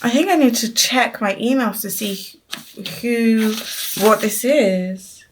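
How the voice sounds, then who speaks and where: A woman's voice: fairly high pitch, slow pace, a little hiss or hum. Chatty woman unboxing books. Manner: chatty, trailing off with frequent ums and self-corrections. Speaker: book vlogger. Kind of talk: casual unboxing vlog. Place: at home.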